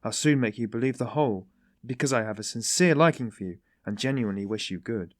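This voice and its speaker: A man's voice: medium pitch, fast talker, no echo, clean studio sound, natural voice. A man voicing a sly, genial detective who teases in a mocking, ironic way. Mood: teasing. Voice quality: tittering, mocking.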